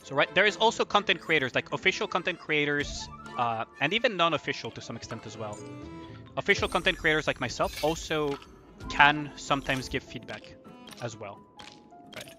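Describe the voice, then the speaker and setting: A man's voice: a little high, expressive, normal speed, bright, forceful tone, soft background music. Chatty male game streamer. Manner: rambling, repeats "right?" and "at the end of the day". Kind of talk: casual chat while playing a game.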